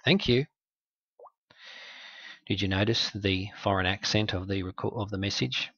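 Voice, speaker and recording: Male host, low voice, wry and chatty walkthrough; dry, dull-sounding recording. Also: little pitch movement, fairly quick, sharp tone, dry recording. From Australia. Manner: wry, conversational, explanatory. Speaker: host exposing scam websites.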